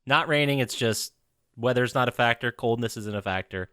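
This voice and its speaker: A man's voice: mid-range voice, normal speed, a bit bright, smooth, dry recording, clean studio sound. A man co-hosting a casual podcast, playfully quizzing his friends with would-you-rather questions. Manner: playful, quizmaster-like.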